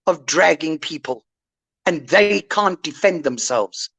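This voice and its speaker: Older woman host, slow and animated, scolding tone on an online call. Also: on the low side, creaky, husky. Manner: indignant, lecturing rant. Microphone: online call mic.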